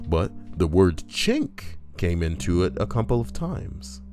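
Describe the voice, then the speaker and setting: His voice sits low and swings widely in pitch, a little slow and slightly mellow. The YouTuber reads Reddit stories aloud, cutting in with crude, humorous remarks over faint background music.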